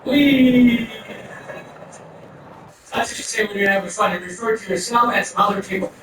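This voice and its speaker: High-voiced man firing absurd one-liners. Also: steady tone, fast talker, background noise. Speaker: stand-up comedian. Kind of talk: stand-up set. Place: comedy club stage. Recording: echoey room from far off, audience ambience.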